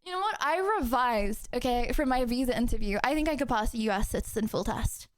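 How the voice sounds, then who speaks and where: A young adult woman livestreams in a fairly high, expressive, smooth voice that runs a little fast. Chatting casually, she giggles and teases herself while reading questions aloud and answering them.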